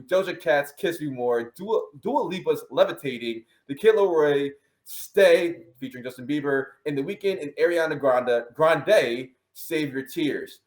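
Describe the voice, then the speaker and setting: Animated host in a roomy echo. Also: male voice, on the high side. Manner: animated, playful, restarts often. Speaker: show host. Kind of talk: casual panel chat.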